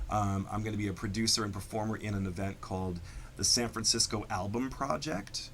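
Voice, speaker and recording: A man's voice: fairly low pitch, fairly quick, slight background noise. A man who performs and produces drag shows, chatting enthusiastically in an interview. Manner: enthusiastic, campy. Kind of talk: casual interview chat.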